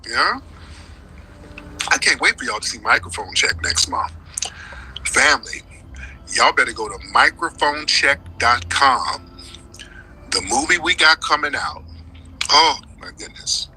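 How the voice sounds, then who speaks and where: A man's voice: mid-range voice, lively intonation, unhurried, long pauses, bright, forceful tone, a little hiss or hum, poor audio. A man hosting a live-stream debate, emphatic and insistent, with a preachy way of making his points. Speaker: host.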